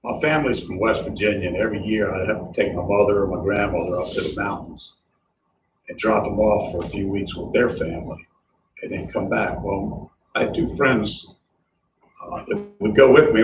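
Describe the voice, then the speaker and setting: A man's voice: on the low side, normal speed. An older man sharing rambling, chuckling stories about a friend at a memorial gathering. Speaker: friend giving a memorial tribute. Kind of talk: informal memorial storytelling. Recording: distant, echoey hall with noise.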